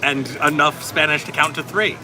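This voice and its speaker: A man's voice: on the high side, steady tone, normal speed. A man co-hosting outdoors at a theme park, telling a joke in a dry, self-mocking way. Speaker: co-host. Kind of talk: casual chat. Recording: loud crowd and outdoor noise.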